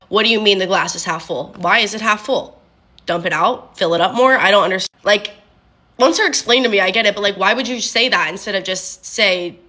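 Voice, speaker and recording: A woman's voice: medium pitch, sharp tone. A young woman talking casually and bluntly to her viewers, swearing freely. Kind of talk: casual monologue.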